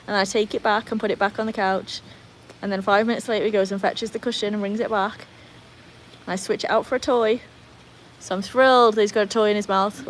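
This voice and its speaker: A British woman hosts a relaxed livestream from her home. She chats freely, reads out viewers' questions and talks to her dogs. Her voice sits at a middle pitch, with faint household noise in the background. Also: low-quality recording. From Britain. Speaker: livestream host. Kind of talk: casual livestream chat.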